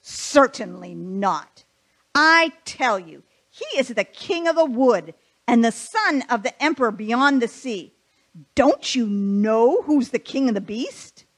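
A woman's voice: extremely high pitch, very animated, slow pace, pitched above the performer's own voice, full character voice. A woman voicing a stern, earnest male beaver from a storybook, reading it aloud to a congregation. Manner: stern, emphatic.

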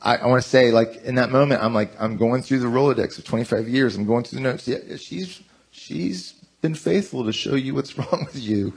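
A man in his forties preaching a conversational sermon, telling self-mocking stories in an animated way. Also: mid-range voice, moderate pace, creaky, slight background noise. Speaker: pastor.

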